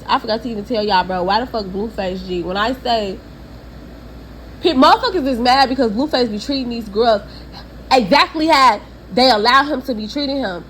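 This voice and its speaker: A young woman, giving blunt, profane, animated celebrity gossip commentary. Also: on the high side, a little hiss or hum, low-quality recording.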